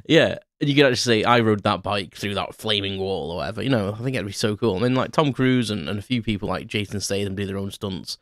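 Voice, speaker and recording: A man's voice: fairly low pitch, quick pace, few pauses, no echo, studio quality. A man hosting a podcast, rambling in a casual solo monologue with lots of fillers and self-mocking asides. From Ireland. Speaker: podcast host.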